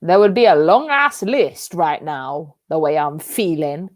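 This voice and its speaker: A woman's voice: deep voice, very animated, unhurried, no echo, clean studio sound. A young woman co-hosting a football watch-along, ranting and swearing at the match. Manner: swearing, explosive outbursts at the match. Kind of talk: live watch-along chat.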